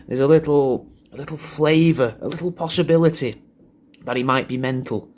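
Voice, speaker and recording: A man's voice: mid-range voice, normal speed, a little mellow. A man rambling through a crude comic birthday message, repeating himself as he goes. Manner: rambling, repeats himself, crude jokes, puts on silly voices in quotes. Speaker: comedian recording a personalised video message.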